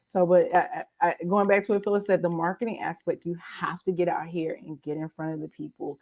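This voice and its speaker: A woman's voice: brisk, lo-fi sound. A woman, an independent author, talking casually on a publishing panel over a video call, bursting with energy, with restarts and laughter. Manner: animated, acts out quotes with big jumps in pitch.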